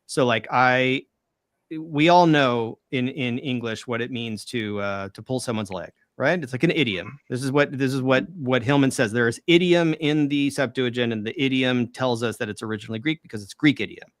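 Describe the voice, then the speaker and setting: A man talks through his point in an earnest, explanatory way, working through examples as he goes. His voice sits at an ordinary middle pitch. The sound is close and dry, with no room around it. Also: moderate pace, no room sound. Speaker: guest who reads ancient languages. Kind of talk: casual discussion.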